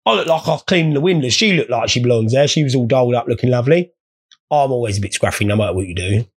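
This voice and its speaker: A man's voice: mid-range voice, lively intonation, rapid-fire, husky. A man telling rambling, sweary comic anecdotes in a blokey way. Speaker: storyteller. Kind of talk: comic storytelling.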